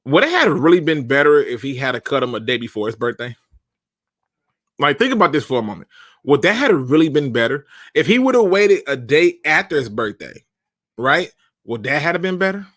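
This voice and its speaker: Chatty sports live-stream host, dry close mic. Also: male voice, on the high side, very animated, fairly quick, a bit bright, no room sound. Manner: conversational, repeats himself, uses slang. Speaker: podcast host.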